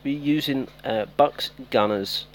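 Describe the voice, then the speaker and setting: A man's voice: mid-range voice, slow pace. Male streamer, talkative, greets chat, home mic with faint noise. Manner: chatty, talks to viewers by name, self-teasing. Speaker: game streamer. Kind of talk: casual live-stream commentary.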